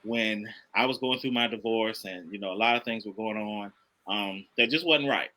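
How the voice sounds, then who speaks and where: Middle-aged man, bright and forceful tone, earnest preachy delivery, casual talk. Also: lowish voice, moderate pace, poor audio. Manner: earnest, preachy, emphatic repetition. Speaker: podcast guest, father. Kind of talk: casual conversation.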